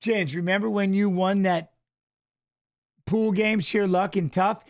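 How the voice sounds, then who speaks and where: High-voiced man in loose stream chat. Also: steady tone, unhurried. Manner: loose and jokey, reads viewer comments aloud, swears casually. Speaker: co-host of a fight watch-along stream. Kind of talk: casual live-stream chat.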